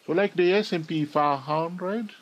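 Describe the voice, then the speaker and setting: A man's voice: on the high side, measured pace, lo-fi sound. A man hosting a trading video, chatting casually through a chart walkthrough and often asking viewers questions. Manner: chatty, asks viewers questions, frequent "all right?".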